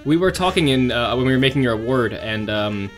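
A man's voice: mid-range voice, expressive, fairly quick, soft background music. A young man co-hosting a college radio show, joking and teasing his co-host. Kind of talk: casual radio chat.

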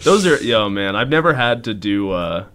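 A man's voice: fairly low pitch, big pitch swings, normal speed, a bit bright. Young man chatting on college radio. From Pennsylvania. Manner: chatty, laughs often, self-deprecating. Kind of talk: casual radio chat.

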